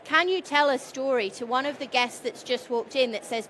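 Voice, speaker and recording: A woman's voice: high voice, moderate pace, few pauses, fairly bright tone, slight background noise. Engaging woman presenter, questioning. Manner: engaging, asks the audience questions. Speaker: conference co-presenter. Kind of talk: conference talk.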